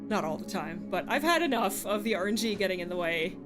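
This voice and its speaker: A woman streaming a game and chatting to her viewers, mid-pitched and casual, prone to swearing and restarting her sentences. Faint music plays softly behind her voice. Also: animated, fast. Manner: frustrated, swearing, rambling with restarts. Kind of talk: casual live-stream chat.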